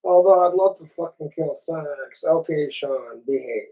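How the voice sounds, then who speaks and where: Speaking at normal speed with a fairly high pitch, a man rants casually on a livestream in dull-sounding audio. He's profane, rambling, and laid-back, coughing now and then from vaping.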